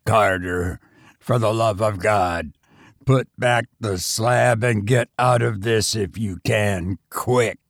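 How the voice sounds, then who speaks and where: A man doing a hoarse, shaking, terrified man. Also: lowish voice, takes it slowly, dry recording, clean studio sound. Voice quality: shaky, hoarse whisper. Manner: frantic, pleading. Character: terrified grown man calling up from a deep vault.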